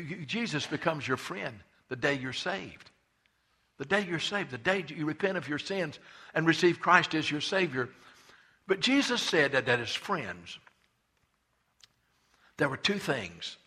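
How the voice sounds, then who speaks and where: A man preaching a sermon with fervor, swinging between loud impassioned cries and quiet, hushed asides. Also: on the high side, husky. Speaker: pastor.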